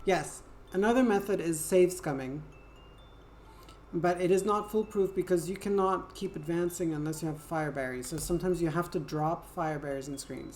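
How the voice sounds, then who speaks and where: Woman streamer, French accent, lowish voice, casual playful chatter. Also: normal speed, a little mellow, slight background noise. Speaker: game streamer. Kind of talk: casual gameplay chat.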